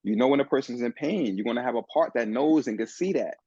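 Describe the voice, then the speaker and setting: A man guesting on a podcast, telling a personal story in an earnest, animated way with many restarts. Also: medium pitch, quick pace, slightly rough, no echo. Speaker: guest, men's coach. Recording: dull, dry lo-fi sound.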